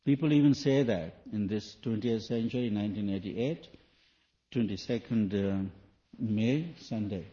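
Mellow-voiced man preaching, lo-fi. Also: fairly low pitch, a little slow. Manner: questioning, earnest, with shifts between soft and loud. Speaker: spiritual teacher. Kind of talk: sermon. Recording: dull lo-fi recording.

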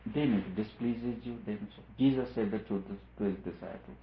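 A man with a fairly low voice delivers a spiritual discourse as a teacher, measured and emphatic, repeating his points again and again. The sound is thin and phone-like, with a roomy echo around him. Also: slight background noise. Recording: echoey room, phone-like lo-fi sound.

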